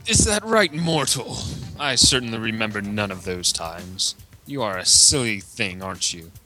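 Brief: man doing a sneering vampire count, sharp and bright, grand and theatrical. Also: lively intonation, moderate pace, soft background music. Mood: gloating. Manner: theatrical, booming, haughty. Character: sneering male vampire count, haughty, hates puns. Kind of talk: dramatic reading of a novel.

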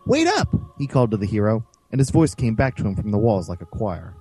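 A man narrating a storybook aloud with an animated delivery. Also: lowish voice, fast talker, husky, poor audio. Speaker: reader. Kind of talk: reading a book aloud.

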